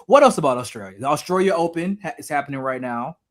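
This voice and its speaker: A man co-hosting a wrestling podcast, joking and thinking out loud in casual chat. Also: a little high, lively intonation, fast talker. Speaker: podcast co-host.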